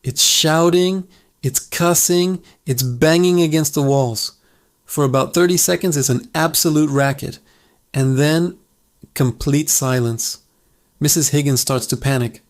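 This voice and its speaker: A man narrating a scripted joke as the channel's host, in a lively storytelling manner. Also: medium pitch, unhurried.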